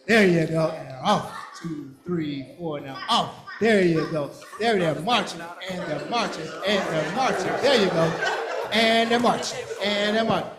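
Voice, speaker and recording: A man leading a church children's program, playful and energetic, teasing the kids and adults as he gets them moving. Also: high-pitched. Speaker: VBS program leader. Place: large church hall. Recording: echoey hall with crowd.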